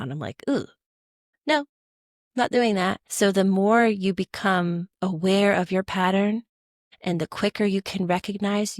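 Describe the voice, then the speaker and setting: Woman, podcast guest, expressive storyteller, mid-range voice, dry close sound. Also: medium pitch, no echo. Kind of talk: casual conversational chat.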